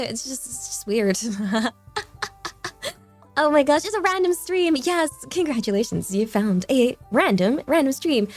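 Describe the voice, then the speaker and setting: A woman's voice: a little high, gravelly. Bubbly southern English woman streamer. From southern England. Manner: bubbly, rambling, repeats words, giggly. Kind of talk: casual live-stream chat.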